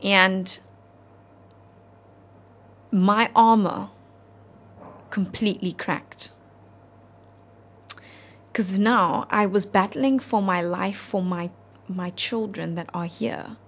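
Earnest South African woman telling her story. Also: medium pitch. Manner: earnest, halting, heartfelt. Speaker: interview guest. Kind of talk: personal storytelling in an interview.

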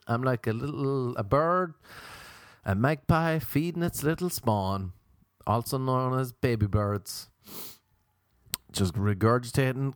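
Playful man, very lively voice. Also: mid-range voice, normal speed, no room sound, studio quality. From Ireland. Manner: playful, rambling, jokey with sudden sung and silly voices. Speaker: podcast host. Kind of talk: casual solo podcast monologue.

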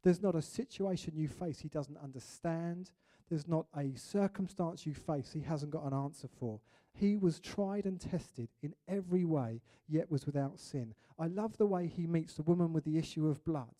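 A man delivers a sermon with an animated, storytelling style, often slipping into little acted-out voices. He grew up in England. His voice sits fairly high for a man, with a soft, mellow tone. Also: normal speed. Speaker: preacher.

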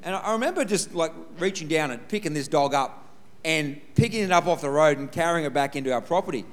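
Male preacher, slightly high voice, chatty storytelling sermon with humor. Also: lively intonation, fast talker. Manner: conversational, tells a personal story with humor, often says "listen". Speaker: pastor.

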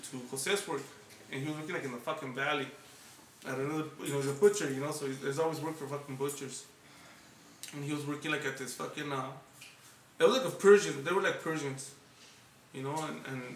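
Brief: high, bright Los man, cursing storyteller, heard off-mic in an echoey room. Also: recorded from a distance, a little hiss or hum. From Los Angeles. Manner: profane, animated, laughing storyteller. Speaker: podcast host. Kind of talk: casual storytelling chat.

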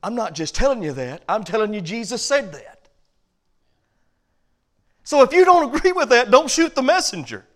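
High-voiced preaching man. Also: very animated, normal speed, long pauses. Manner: builds from low quiet passages to loud emphatic points. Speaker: pastor. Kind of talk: sermon.

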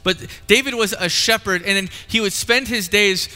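A man's voice: sits high, normal speed, sharp tone, clean tone. A man preaching a sermon, telling a story in a playful, conversational way and acting out the quotes. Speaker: pastor. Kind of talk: sermon with live demonstration. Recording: reverberant hall.

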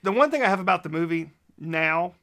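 A man in his thirties hosts a casual podcast chat with a slight lisp and a gravelly edge. His voice sits fairly high and bright. He talks with enthusiasm and trips over a word now and then. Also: lively intonation, fairly quick. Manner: enthusiastic, stumbles over words. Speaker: podcast host.

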